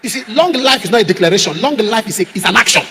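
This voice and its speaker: A man preaching a sermon as pastor, repeating refrains and rising to shouts. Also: high voice, lively intonation, rapid-fire, slight background noise. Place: large church auditorium. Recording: echoey church hall.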